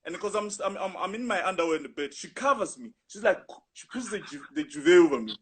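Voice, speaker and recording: A young man with a husky voice, animatedly telling a rambling story in casual chat, full of "you know". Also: high-pitched, expressive, fast. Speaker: guest storyteller.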